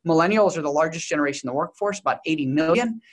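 Quick-talking, fairly high-voiced man from Texas. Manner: brisk, storytelling, lecturing. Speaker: generational researcher guest. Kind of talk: interview answer.

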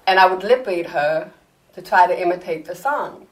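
A woman comedian answering interview questions with lively stories, acting out the voices of people she quotes. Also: on the low side, moderate pace, low-quality recording. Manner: animated, acts out quoted voices. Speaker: comedian, guest.

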